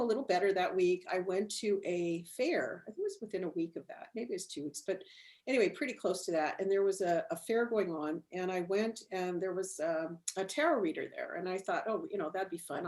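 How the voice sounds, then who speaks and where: A middle-aged woman with a slightly low voice tells her story in a loose, chatty way. She restarts her sentences, fills the gaps with "um" and "you know," and laughs easily as she talks. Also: darkish tone. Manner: rambling, many restarts and fillers, laughs often. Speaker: interview guest, healer. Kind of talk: casual storytelling interview.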